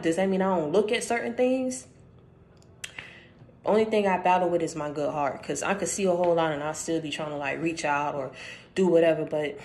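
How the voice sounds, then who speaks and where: Woman, channel host, casual spiritual talk; direct, emphatic, repetitive for stress. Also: fairly low pitch. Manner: emphatic, repeats phrases for stress; conversational, addresses listener directly.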